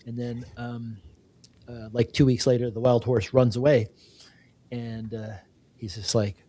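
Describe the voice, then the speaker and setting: Husky-voiced man telling a reflective story. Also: medium pitch, level tone, unhurried, mellow, no echo. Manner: reflective, rambling storyteller with restarts and "you know". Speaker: podcast co-host. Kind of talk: casual conversational interview.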